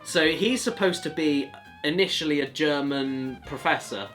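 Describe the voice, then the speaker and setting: A man's voice: a little high, moderate pace, a bit bright, faint music behind. Rambling man reviewing a film casually. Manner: rambling, restarts and self-corrections. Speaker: channel host, film reviewer.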